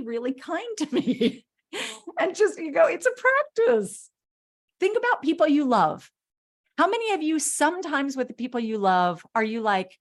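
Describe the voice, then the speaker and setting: A middle-aged woman, a self-love coach, giving an enthusiastic motivational talk to a group and acting out little quotes in a playful way. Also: on the high side.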